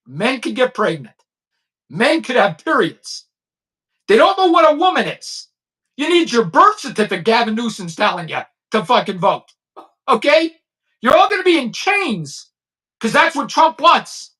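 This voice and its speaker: A man's voice: very high voice, sing-song, moderate pace, pushed and bright. A man, a former police chief, ranting blunt and profane commentary straight to his viewers.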